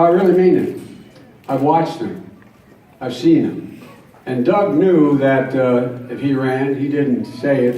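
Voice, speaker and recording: Speaking with a mellow, medium-pitched voice, a man in his seventies addresses a campaign rally as a guest speaker. His speech leans on folksy stories, jokes, and earnest emphasis, heard through a distant mic in an echoey convention hall with faint noise.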